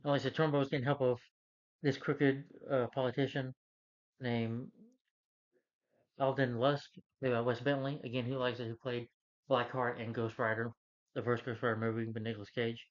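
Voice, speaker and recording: Male reviewer, average pitch, rambling casual recap rant, muffled lo-fi sound. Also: level tone, moderate pace. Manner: rambling, loose retelling full of "he's like". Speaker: movie reviewer. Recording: dull lo-fi recording.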